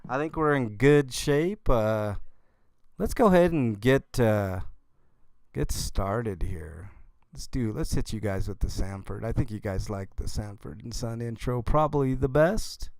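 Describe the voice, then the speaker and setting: A man hosting a casual live-stream chat show, talking in a low-key, mumbling way as he reads chat and fixes his audio. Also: animated, a little slow, darkish tone, no echo, studio quality. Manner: low-key, mumbling, talks to himself while fixing audio. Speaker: livestream host.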